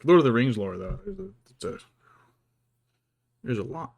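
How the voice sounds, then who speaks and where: A man's voice: medium pitch, big pitch swings, normal speed, darkish tone, no echo. A man chatting casually as he paints miniatures, thinking aloud and muttering to himself. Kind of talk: casual chat while working.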